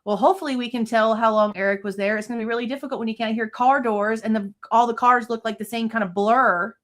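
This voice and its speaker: A woman's voice: on the high side, steady tone, quick pace, fairly bright tone. A woman in her thirties hosting a true crime livestream, venting angrily with frequent swearing in casual commentary.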